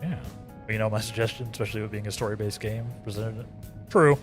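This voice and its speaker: Fast and fairly low-pitched, this American man streams a game while casually talking to his viewers. He rambles, repeats words, and throws chatty remarks at the chat, with faint music in the background.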